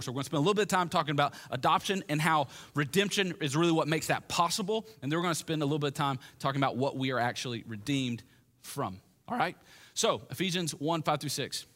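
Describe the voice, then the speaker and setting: A man's voice: on the high side, a bit bright. A pastor delivering a conversational sermon in a church that meets in a gym, often restarting and repeating his phrases. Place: gym used as a church hall.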